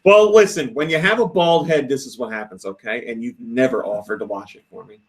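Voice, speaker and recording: A man's voice: medium pitch, a little fast. A man hosting a casual podcast, chatting, laughing often and reading viewer comments aloud. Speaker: podcast host.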